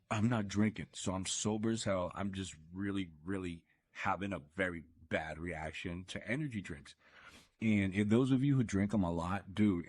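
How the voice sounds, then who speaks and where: A man's voice: deep voice, husky. A man hosting a podcast, telling a casual, profane, self-deprecating story. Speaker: podcast host.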